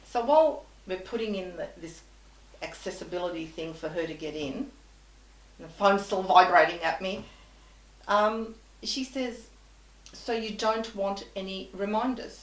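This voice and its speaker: A woman's voice: lowish voice, lively intonation, normal speed, distant mic. A woman guest telling an anecdote in conversation, animatedly acting out both sides of the dialogue. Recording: echoey room.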